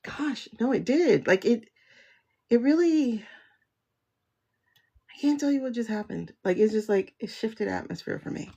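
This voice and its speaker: A tarot reader hosts a casual livestream, rambling and emotional, restarting often and laughing a lot. Her voice is on the high side, expressive, mellow and unhurried, with vocal fry and frequent pauses, recorded on a phone.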